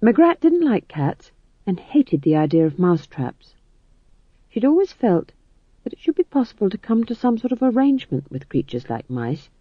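A man narrating an audiobook in a wry, expressive way. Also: high voice, no room sound, narrow, tinny audio.

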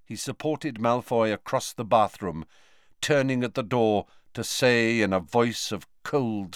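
A man's voice: mid-range voice, unhurried, smooth, no room sound, clean studio sound. A man narrating a novel as an audiobook, with dramatic storytelling. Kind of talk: scripted narration.

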